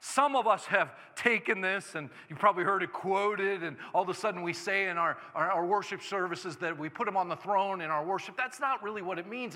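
A male pastor delivers a sermon, his voice high and bright. He moves from quiet, conversational teaching to loud exclamations, and a long church reverb trails each phrase. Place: church sanctuary. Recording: echoey church hall.

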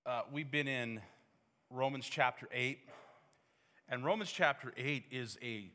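Male host, bright and forceful voice, easygoing and affirming, recorded with a long hall reverb. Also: medium pitch, unhurried. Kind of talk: faith talk show hosting.

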